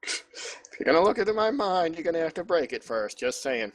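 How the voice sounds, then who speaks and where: A man voicing a defiant, sarcastic dwarf in a tabletop game, talking gruffly. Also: a little high, big pitch swings, a little fast, pitched above the performer's own voice. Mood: defiant sarcasm.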